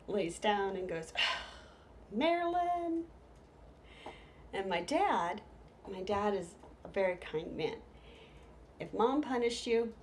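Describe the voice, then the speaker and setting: A woman's voice: medium pitch, slight background noise. Middle-aged woman telling funny stories. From United States. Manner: lively, with hushed whispered asides. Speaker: storyteller. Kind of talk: humorous stage storytelling.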